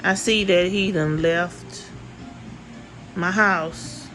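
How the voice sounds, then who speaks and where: A woman's voice: fairly low pitch, steady tone, drawn-out words, fairly bright tone, faint music behind, rough recording. A woman vlogger telling a story in casual speech, blunt and full of swearing, repeating herself for emphasis.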